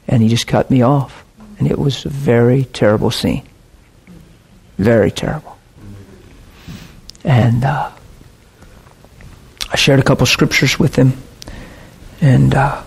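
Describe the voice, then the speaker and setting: A man's voice: medium pitch, darkish tone. A man preaching a conversational sermon, telling stories with casual, emphatic asides.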